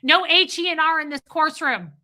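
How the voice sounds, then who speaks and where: A woman's voice: high-pitched, sing-song, unhurried, pushed and bright, voice pushed up, heavily acted. A woman voicing a stern adult drill supervisor who barks orders. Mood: barking. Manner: barking, commanding.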